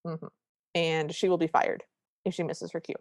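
Lower-voiced woman recapping a movie. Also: normal speed, no echo, studio quality. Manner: animated retelling with quoted lines. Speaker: podcast co-host. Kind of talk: casual movie recap chat.

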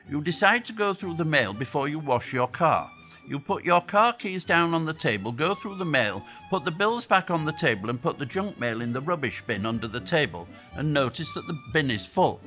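A man's voice: fairly high pitch, pushed and bright. A man on stage telling a long comic story to a live audience. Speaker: guest.

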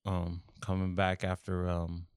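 A man's voice: low-pitched, monotone, unhurried, clean tone, dry recording. A man in casual podcast chat, rambling and swearing, who keeps checking whether he is understood. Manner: rambling, keeps asking "you know what I mean, dude".

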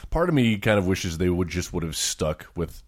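Low-ish voiced guy picking apart a movie, kinda dry and sarcastic, swears some. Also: big pitch swings, normal speed, breathy edge. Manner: critical, wry, swears casually. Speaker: podcast co-host. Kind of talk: casual movie review chat.

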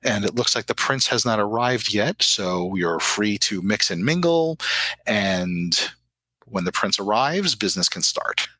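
A man's voice: on the low side, lively intonation, unhurried, pushed and bright, no room sound, full character voice, poor audio. Man doing a chatty vampire hostess. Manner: chatty, hesitant. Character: friendly young female vampire hostess.

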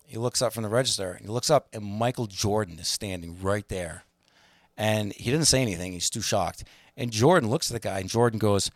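A man's voice: lowish voice, fairly quick, dry recording, studio quality. A man telling a long anecdote in casual chat, rambling with many fillers and restarts and acting out the people he quotes.

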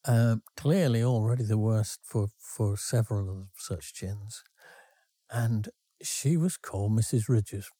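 Brief: male podcast co-host, mellow, loose self-interrupting storyteller. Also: on the low side, measured pace, no room sound. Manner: rambling, self-interrupting anecdotes. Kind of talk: casual storytelling.

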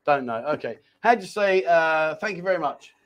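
A man with a notably high-pitched voice hosts a live chat stream, reading viewer comments aloud. He teases his co-host, cracks jokes and laughs easily. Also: lively intonation, lo-fi sound. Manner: jokey, teasing, quick laughs. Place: Pattaya, Thailand.

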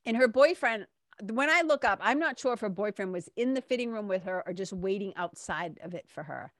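A woman's voice: mid-range voice, animated, a little fast, fairly bright tone, dry recording, studio quality. A woman telling a story in a casual, candid way, swearing now and then and acting out what other people said. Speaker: vlogger.

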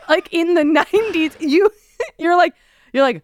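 A woman's voice: very high voice, no room sound, studio quality. A young woman co-hosting a podcast, chatting casually in a teasing way and laughing easily. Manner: teasing, animated, quick to laugh. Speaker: podcast co-host. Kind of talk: casual chat.

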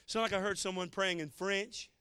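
A man's voice: high voice, fairly even intonation, moderate pace, pushed and bright, clear, resonant tone, dry recording, clean studio sound. A man preaching a sermon, telling a story in a folksy, emotional way with joking asides. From United States.

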